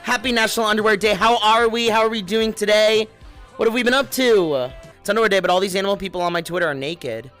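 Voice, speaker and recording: A man's voice: sits high, fast talker, a bit bright, faint music behind. A young man in casual livestream chat, giggling often and talking straight to his viewers. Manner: giggly, chatty, addresses viewers.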